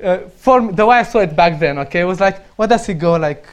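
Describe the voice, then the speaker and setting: A man's voice: high voice, animated, fast talker, clear, resonant tone. A young man from Romania with a Romanian accent, telling casual stories and laughing often as he talks. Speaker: speaker sharing stories. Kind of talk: casual storytelling.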